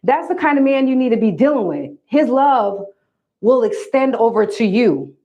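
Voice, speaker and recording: A woman's voice: on the high side, animated, normal speed, warm tone, dull audio. A woman hosting a livestream, giving dating advice in a casual, emphatic, preachy way and talking straight to her viewers.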